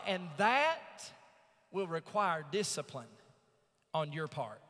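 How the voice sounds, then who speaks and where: High, bright-voiced male pastor preaching. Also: sing-song. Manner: preaching with rising emphatic swells and slow drawn-out scripture reading. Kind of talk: sermon. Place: church sanctuary. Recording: long reverb of a church sanctuary.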